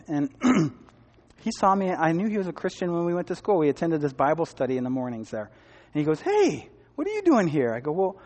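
A man's voice: fairly high pitch, long reverb tail. A man giving a personal testimony to a church group, telling his story with quoted dialogue and laughter, then urging listeners toward ministry. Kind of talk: testimony sermon.

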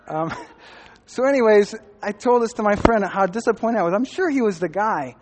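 A man's voice: sits high, lively intonation, normal speed, long reverb tail, background noise. A man giving a personal testimony to a church group, telling his story with quoted dialogue and laughter, then urging listeners toward ministry. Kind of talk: testimony sermon.

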